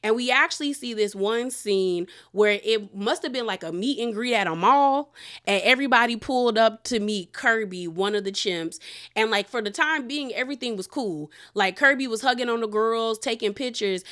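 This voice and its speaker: A woman recapping a documentary in a chatty, animated way, exclaiming and laughing as she goes. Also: on the high side, moderate pace. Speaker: show reviewer. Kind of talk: casual recap.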